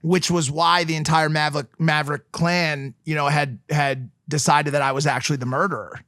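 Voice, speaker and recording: A man's voice: fairly high pitch, level tone, moderate pace, a bit bright, dry recording, studio quality. A man co-hosting a podcast, joking bluntly and crudely in casual chat. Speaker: podcast co-host.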